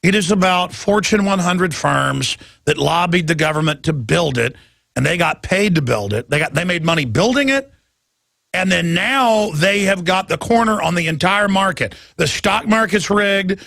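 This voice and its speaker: A man hosting a radio talk show, ranting in a heated monologue and often shouting as his pitch climbs. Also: normal speed, creaky, dry recording, studio quality. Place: radio studio.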